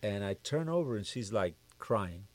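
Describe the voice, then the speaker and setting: In a storytelling interview chat, a music producer with a lowish voice and moderate pace animatedly tells stories, acting out the dialogue of the people he quotes.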